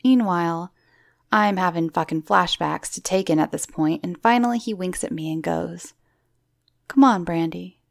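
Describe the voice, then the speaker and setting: Low, gravelly woman reading horror stories. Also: moderate pace, no room sound, clean studio sound. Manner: wry, swearing asides between story lines. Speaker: horror story narrator.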